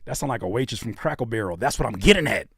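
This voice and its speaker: A man's voice: medium pitch, lively intonation, racing, vocal fry, fairly bright tone, husky, dry recording, studio quality. A man hosting a livestream where he reacts to music submissions, talking casually, joking and repeating phrases for effect. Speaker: host reviewing music submissions.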